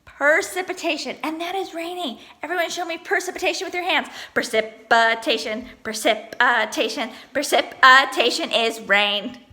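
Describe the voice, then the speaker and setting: A woman teaching an online lesson to young children, encouraging them and sounding out words slowly. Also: sits high, bright, forceful tone.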